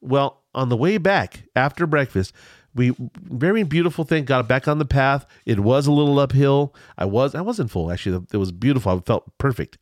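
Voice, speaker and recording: A middle-aged man rambles through a personal story with plenty of false starts and tangents. His pitch moves a lot, jumping high and dropping low. The sound is close and dry, with no room around it. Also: animated, moderate pace, no echo. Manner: rambling storyteller, many restarts. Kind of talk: casual chat.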